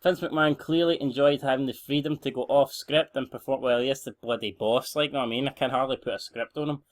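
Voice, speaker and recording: A man's voice: mid-range voice, steady tone, quick pace. A young Scottish man giving rambling, blunt, sweary commentary on a game he is playing. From Scotland. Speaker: gaming channel host.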